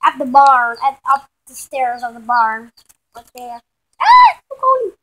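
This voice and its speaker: A woman with a high voice tells a made-up story off the cuff. She speaks slowly, trailing off, restarting and correcting herself as she goes. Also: flat delivery, a bit bright. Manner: rambling, restarting, self-correcting. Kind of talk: improvised spoken story.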